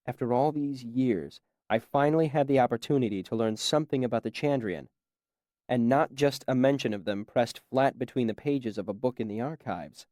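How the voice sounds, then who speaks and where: Male audiobook narrator, measured first-person storytelling, dry studio sound. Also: medium pitch, a little mellow, dry recording.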